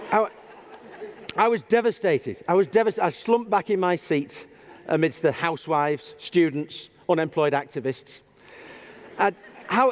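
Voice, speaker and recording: A man giving a humorous storytelling talk on stage, animated and self-deprecating. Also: high voice, unhurried. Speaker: public speaker. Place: large auditorium stage. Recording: long hall reverb.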